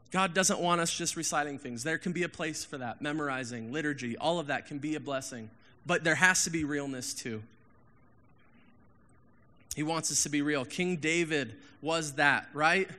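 A man in his thirties preaching a casual sermon as a pastor, candid and animated, going from loud emphasis to hushed asides. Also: a little high, in a large hall.

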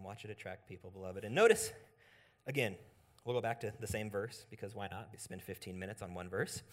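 A young male pastor delivers a casual, story-driven sermon. His voice is bright and his pitch jumps around constantly. He swings between loud bursts and quiet asides.

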